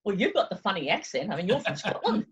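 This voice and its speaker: A woman's voice: mid-range voice, wildly swooping pitch, moderate pace, slightly rough, low-quality recording. A woman from New Zealand with a New Zealand accent, talking frankly in a remote interview. She is chatty and laughs often. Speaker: travel agency owner. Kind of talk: remote interview, casual chat. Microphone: video call.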